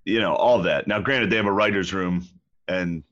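A man's voice: deep voice, moderate pace, fairly bright tone, lo-fi sound. A man from Pennsylvania, a comedian guest who rambles in a laid-back way in casual chat.

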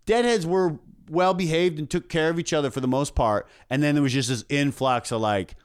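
A man's voice: a little high, brisk, clear, resonant tone, no echo, clean studio sound. A man, a comedian guest on a podcast, talking in a rambling, earnest way with many restarts. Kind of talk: casual podcast chat.

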